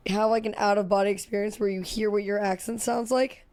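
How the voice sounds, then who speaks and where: A woman's voice: medium pitch, fairly even intonation, fairly quick, darkish tone, clear, resonant tone. A tipsy young woman, chatting as a streamer in a giggly, rambling way full of "like". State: drunk. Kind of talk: casual chat.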